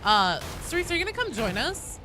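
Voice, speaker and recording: A chatty gaming streamer talking to chat in a deliberately raised voice that swings animatedly up and down. Music plays clearly underneath. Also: big pitch swings. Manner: chatty, reads and answers chat; talks in a raised pitch on purpose to avoid vocal fry. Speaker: gaming livestream host. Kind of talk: casual live-stream chat while gaming.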